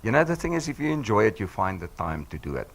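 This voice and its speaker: A man in his sixties with a husky voice, hoarse from flu, giving an emphatic, encouraging motivational speech to a live audience on a handheld mic. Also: on the low side, very animated, quick pace. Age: 60s. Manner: emphatic, encouraging, repeats for effect. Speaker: business team speaker. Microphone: handheld microphone.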